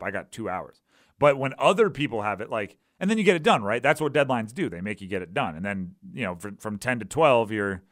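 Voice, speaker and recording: A man's voice: mid-range voice, a bit bright, no echo. Guy on sports radio, dry close studio sound, chatty, keeps saying right. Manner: conversational, keeps asking "right?". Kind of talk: sports talk radio monologue.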